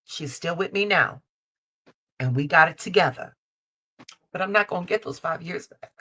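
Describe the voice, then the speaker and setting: A woman's voice: fairly low pitch, normal speed, fairly bright tone, husky. A middle-aged woman from Chicago hosting a live-stream tarot reading, emphatic and repetitive, calling her listeners baby and honey and cursing freely. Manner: emphatic, repeats lines, calls listeners baby and honey, salty language. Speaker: tarot reader and show host. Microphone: streaming call setup.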